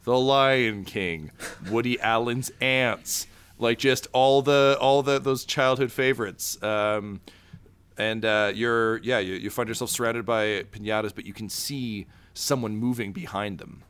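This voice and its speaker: A man's voice: medium pitch, unhurried, a bit bright, clean tone. A man narrating as game master of a tabletop role-playing game, rambling with many fillers.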